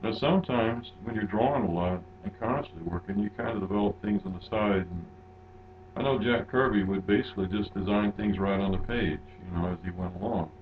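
A man co-hosting a podcast, chatting casually and laughing often in a relaxed, rambling way. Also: on the low side, fairly quick, narrow, tinny audio, a little hiss or hum. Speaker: podcast co-host. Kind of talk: casual chat.

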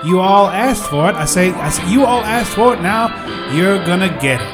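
A blustering cartoon rooster, put on by a man hosting a podcast, comes out loud and stammering. The voice sits high, and he repeats "I say, I say" as he blusters. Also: expressive, normal speed, over music. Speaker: podcast host.

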